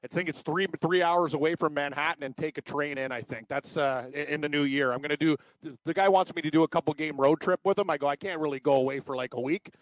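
A man co-hosting a sports talk show who teases his partner and keeps the banter light. He talks very fast in a fairly high voice, recorded dry and close. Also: no echo, rough recording. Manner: joking, teasing banter. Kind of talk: casual chat.

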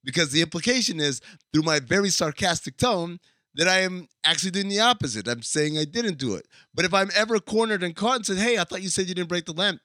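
A man co-hosting a podcast, animated and sarcastic as he acts out little scenes. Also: fairly high pitch, a little fast, no room sound. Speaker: podcast co-host. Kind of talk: casual podcast chat.

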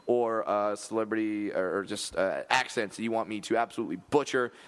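A young man hosting a comedy podcast, joking in casual chat with quick laughs and stammering restarts. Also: on the low side. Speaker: podcast host.

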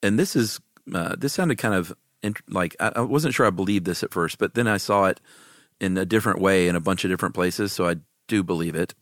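Very low-voiced laid-back man. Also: brisk, fairly bright tone, no echo, clean studio sound. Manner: laid-back, sardonic quips. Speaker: podcast co-host. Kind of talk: casual chat.

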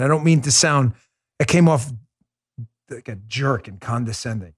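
A middle-aged man hosting a political commentary show, swinging between quiet apology and loud indignation. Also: medium pitch, moderate pace, long pauses, slightly rough. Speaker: podcast host.

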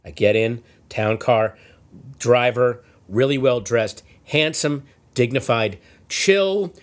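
A man telling a comic story in casual chat, acting out the shouted lines of the people in it. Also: mid-range voice, takes it slowly. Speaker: storyteller guest.

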